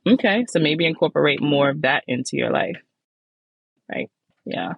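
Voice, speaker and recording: A woman in her forties hosting a solo podcast, talking candidly and casually, swearing freely, her voice jumping up in pitch when she gets animated. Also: normal speed, vocal fry, long pauses, breathy edge, dry recording, poor audio. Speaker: podcast host.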